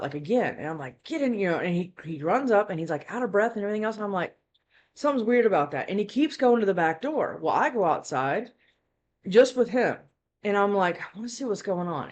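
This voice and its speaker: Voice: mid-range voice, lo-fi sound. Chatty tarot reader who keeps asking "right?". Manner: chatty, heavy on fillers and tag questions. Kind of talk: casual rambling storytelling chat.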